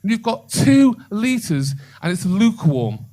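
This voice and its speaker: A man's voice: sits high, big pitch swings, unhurried, warm tone. An older man doing a bawdy stand-up comedy set in a comedy club, telling a story and chatting with the crowd.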